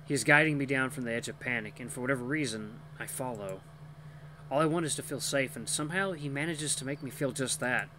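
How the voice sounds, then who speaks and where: A man's voice: mid-range voice, fairly quick, noisy background. A man hosting a gaming channel, reading a visual novel aloud expressively with occasional slips.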